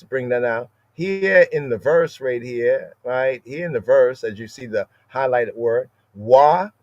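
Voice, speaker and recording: A man's voice: medium pitch, darkish tone, no echo, lo-fi sound. A man teaching an informal scripture lesson, repeating words and checking in with "right?" over and over. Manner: repetitive, asks "right?" constantly, spells out words. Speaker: Bible study teacher.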